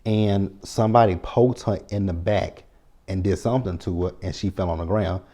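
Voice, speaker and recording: A man with a lowish, mellow voice runs through a TV episode recap in a loose, chatty way. He tells it with lots of profanity and acts out his own reactions to each scene. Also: moderate pace. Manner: animated, profane storytelling with quoted reactions. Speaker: TV recap reviewer. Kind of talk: casual spoken recap.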